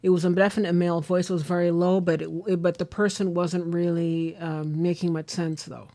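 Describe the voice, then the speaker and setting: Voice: medium pitch, level tone, brisk, mellow, no echo. A podcast host in casual interview chat, who stammers and repeats words while searching for them.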